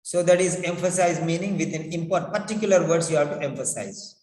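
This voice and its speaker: A man teaching pronunciation, repeating words and phrases slowly to drill them. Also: on the high side, darkish tone. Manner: repetitive, drills words over and over. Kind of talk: slow instructional lesson. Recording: echoey room with long reverb.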